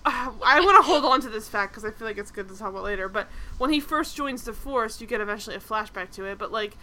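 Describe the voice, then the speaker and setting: A woman co-hosting a casual TV review podcast, chatty and animated, full of "like" fillers. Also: fairly high pitch, fast, a little hiss or hum. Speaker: podcast co-host.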